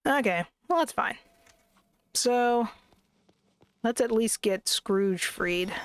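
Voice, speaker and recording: A woman chats her way through a let's play, grumbling about lag and joking at her own expense as she provides casual game commentary into a desk microphone at her computer. Her voice is on the high side, expressive, slow and smooth.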